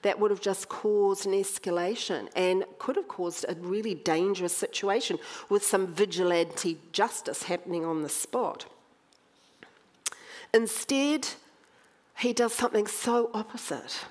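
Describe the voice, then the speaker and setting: A woman preaching a sermon, conversational and animated, with wry humour as she tells the story. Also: medium pitch.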